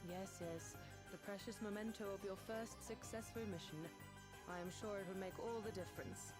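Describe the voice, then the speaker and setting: An actress playing a composed, proper companion who speaks in formal, measured phrases, over game music. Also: female voice, mid-range voice, close to an everyday voice. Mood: dry.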